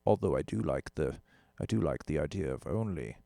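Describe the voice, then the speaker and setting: A man's voice: low voice, expressive, unhurried, creaky, mellow, dry recording, studio quality, full character voice. A man imitating a snobby male audio-gear elitist, putting on a mock-posh accent he cannot quite place. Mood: smug.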